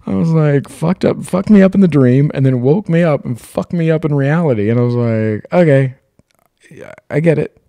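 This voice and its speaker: A man's voice: a little high, moderate pace, creaky, warm tone, dry recording. A man co-hosting a podcast, telling a long personal story in casual chat, rambling and swearing freely. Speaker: podcast co-host.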